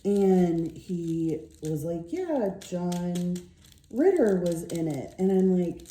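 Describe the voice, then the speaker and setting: A woman's voice: lowish voice, animated, slow pace, warm tone, roomy sound. A middle-aged woman vlogger telling a rambling story while crafting, tired and yawning, with lots of fillers. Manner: rambling, chatty, with many fillers.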